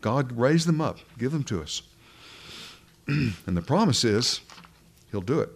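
A man's voice: mid-range voice, sing-song, unhurried, husky. A man preaching a sermon in an earnest, emphatic way, asking rhetorical questions as he works through scripture.

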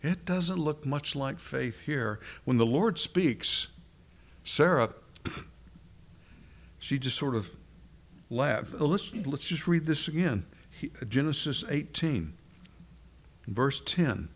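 A middle-aged man preaching a sermon, reading scripture and asking his listeners questions, slowing down on key words. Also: fairly high pitch, animated. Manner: deliberate, asks the congregation questions, slows down for emphasis.

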